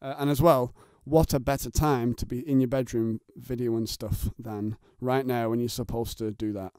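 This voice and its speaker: A man's voice: medium pitch, fairly even intonation, normal speed, dark tone, clean tone, dry recording, clean studio sound. A man hosting a podcast from his bedroom, chatting in a rambling, jokey and crude way and laughing often. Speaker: podcast host. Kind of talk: casual chat. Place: bedroom at home.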